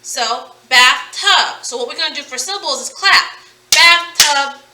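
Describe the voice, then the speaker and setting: A woman teaching a phonics lesson to children, sounding out words slowly and with emphasis. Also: high-pitched, animated, sharp tone, far from the mic. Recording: echoey room, voice from off-mic.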